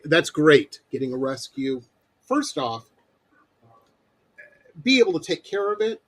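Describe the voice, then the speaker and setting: A middle-aged man with a slightly high voice hosts a radio interview at an unhurried pace, and the recording is rough. He chats casually and tells stories with animation, acting out his own rants as he goes.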